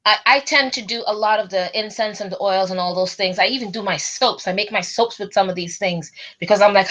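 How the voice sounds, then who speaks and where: A woman chatting casually on a spiritual talk show, animated and laughing as she talks. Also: mid-range voice, brisk, hardly any pauses, muffled recording. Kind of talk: casual chat.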